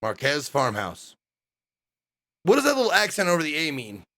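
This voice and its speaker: A man's voice: sits high, wildly swooping pitch, rapid-fire, sharp tone. A young man casually commenting on a game while playing and reading its on-screen text aloud to viewers. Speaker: game streamer. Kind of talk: casual let's-play commentary.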